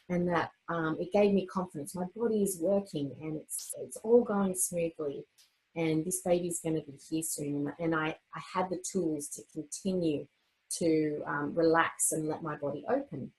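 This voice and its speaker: A young woman with a slightly low voice tells her story in a relaxed, personal vlog style. She talks chattily, with plenty of "um"s, "like"s and quick restarts. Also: poor audio. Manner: chatty, with frequent fillers and restarts. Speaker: vlogger sharing her birth story. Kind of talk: casual personal storytelling to camera.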